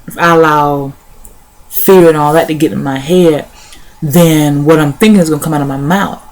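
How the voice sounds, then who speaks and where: A woman's voice: low-pitched, moderate pace, a little mellow. A young woman sharing her thoughts in a casual vlog, repeating words as she goes and dropping in "y'all" and "honey". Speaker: vlogger. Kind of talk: casual spoken reflection.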